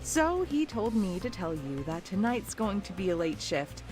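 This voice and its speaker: A man voices a busy young barmaid in a game read-aloud, her tone lifted and lighter than his normal speech. She is brisk and harried, and she gets straight to the point. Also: high-pitched, very animated, music in the background, voice pushed up.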